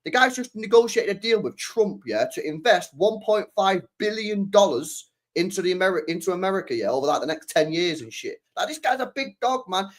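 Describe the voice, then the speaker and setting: Animated guy ranting. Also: high-pitched, fairly quick, few pauses. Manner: animated, swears a lot, fires rhetorical questions. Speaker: podcast host. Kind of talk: casual podcast rant.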